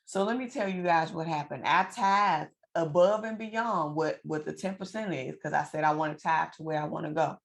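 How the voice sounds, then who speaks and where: A woman telling a personal story to her viewers in a lively, preacherly way, repeating phrases for emphasis. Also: sits low, moderate pace, creaky, hardly any pauses. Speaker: financial coach and vlogger. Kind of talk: casual storytelling to camera.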